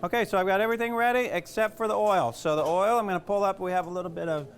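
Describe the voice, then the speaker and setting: A middle-aged chef with a Southern US accent talks through a recipe in a loose, rambling way, joking about himself as he goes. His voice sits a touch high for a man. A faint hum runs under the recording. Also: racing. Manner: chatty, rambling, self-joking. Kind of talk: casual cooking demonstration.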